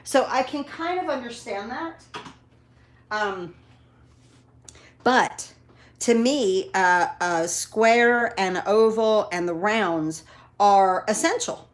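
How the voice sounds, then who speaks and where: A chatty woman walks viewers through a card-making project at her craft table. She talks in a relaxed, encouraging way, dropping in fillers as she goes. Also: medium pitch, slow, pauses often. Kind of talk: casual craft tutorial.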